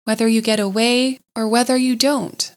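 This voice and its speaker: A woman's voice: on the high side, steady tone, lightly acted. A woman voicing a cheerful, enthusiastic male water rat in a storybook reading, with a hearty, exclaiming manner. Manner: hearty, exclaiming, rapid lists. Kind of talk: storybook character voice.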